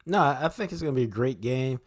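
A man's voice: medium pitch, expressive, a little fast. A man co-hosting a casual sports talk podcast, breaking down games in a laid-back, blunt, analytical way. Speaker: football analyst co-host.

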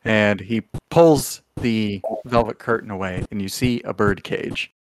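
Measured male game master narrating. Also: on the low side, a little hiss or hum.

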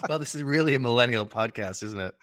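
A man hosting a podcast, upbeat and quick to laugh, reading through banter and figures. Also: mid-range voice, a bit bright, no room sound, studio quality. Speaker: podcast host. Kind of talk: scripted casual podcast banter.

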